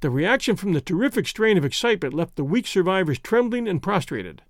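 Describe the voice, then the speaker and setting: A man narrating an adventure story in a measured, dramatic reading. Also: sits high, big pitch swings, no room sound, clean studio sound. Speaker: audiobook narrator. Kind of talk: scripted narration.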